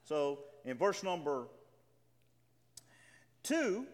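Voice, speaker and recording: A man's voice: a little high, sing-song, extremely slow. A man preaching a sermon, emphatic and full of stammering restarts, reading scripture aloud with drama. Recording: reverberant hall.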